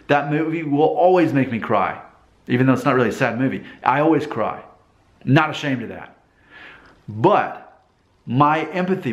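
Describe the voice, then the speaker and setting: A man giving unscripted advice to the camera, talking earnestly in a rambling way and often restarting his sentences. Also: a little high. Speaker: vlogger giving dating advice. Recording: roomy echoey room.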